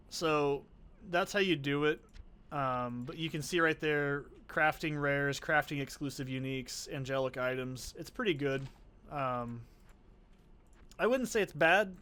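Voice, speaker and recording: A man's voice: a little high, a bit bright. Rambling, profane gaming commentator, man. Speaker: let's play host. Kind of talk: casual gameplay commentary.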